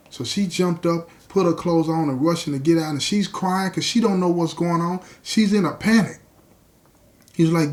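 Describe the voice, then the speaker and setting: A man hosting a podcast, retelling a story in an animated, conversational way and speaking directly to his listeners. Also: on the high side, moderate pace. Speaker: podcast host.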